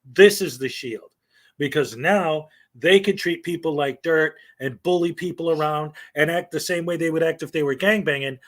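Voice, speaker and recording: A man's voice: on the high side, fairly bright tone. A middle-aged man giving rambling, opinionated live-stream commentary, full of fillers and short laughs. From United States.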